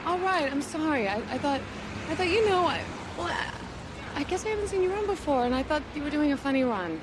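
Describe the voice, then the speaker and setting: A giggly young fiancée who trips over her apologies, her voice very high and swooping. The film clip has noticeable outdoor and traffic noise behind her. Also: animated. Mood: giggly flustered. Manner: halting, stumbling apologies. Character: giggly young woman, his fiancée, flustered. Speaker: film character.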